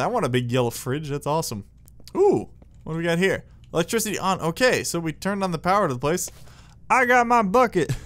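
A man giving excitable, jokey let's play commentary, yelling at enemies as he plays. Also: on the high side. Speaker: gameplay commentator.

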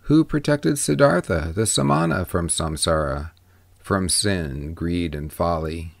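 A man reading a wise old ferryman, gravelly. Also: low-pitched, animated, no room sound, pitched below the performer's own voice, exaggerated voice. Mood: counseling. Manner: measured, gentle questioning. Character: old wise male ferryman, calm and gentle. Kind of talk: audiobook reading.

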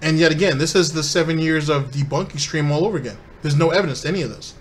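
A man's voice: fairly high pitch, fast talker, a little hiss or hum. A man hosting a commentary channel who reacts to clips with sarcastic, mocking remarks aimed at his viewers.

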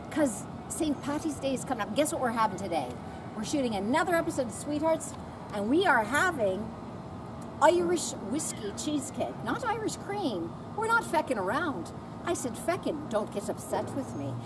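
A woman with a high voice that leaps all over the place, gushing and joking as she hosts a playful food show. She talks inside a small bakery, with loud ambient noise behind her. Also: distant mic. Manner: bubbly, jokey, gushing. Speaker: host.

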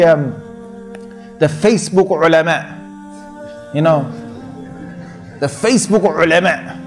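A man's voice: high voice, darkish tone. A man giving an informal sermon as a sheikh, talking conversationally, repeating his phrases and breaking into Arabic recitation.

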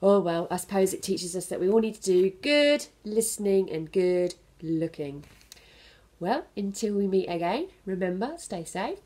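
Woman storyteller for preschoolers, gentle, very expressive pitch. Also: moderate pace. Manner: gentle, animated and explanatory. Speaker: children's centre storyteller. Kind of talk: reading a picture book to young children.

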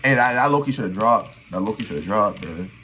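A young man giving excited reaction commentary on his old basketball footage, trash-talking and repeating his phrases. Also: lowish voice, fast, slight background noise. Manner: hype trash talk, repeats phrases, keeps saying "bro". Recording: faint music behind.

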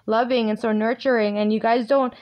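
A woman with a fairly high voice runs through a tarot reading for her viewers. She talks bluntly and with emphasis and swears freely. Her tone is direct and forceful. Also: steady tone, a little fast, highs cut off. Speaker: tarot reader.

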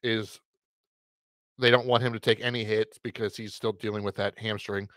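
A man's voice: on the low side, little pitch movement, moderate pace, fairly bright tone, no room sound. Rambling podcast guy, dry close sound. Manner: rambling, self-correcting, wry. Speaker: podcast co-host. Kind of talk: casual fantasy football chat.

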